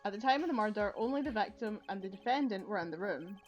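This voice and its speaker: A woman's voice: medium pitch, animated, fast, highs cut off, faint music behind, natural voice. Woman reading as a stammering bumbling detective. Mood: nervous. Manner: stammering, deferential. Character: bumbling male police detective, nervous. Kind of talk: reading game dialogue aloud.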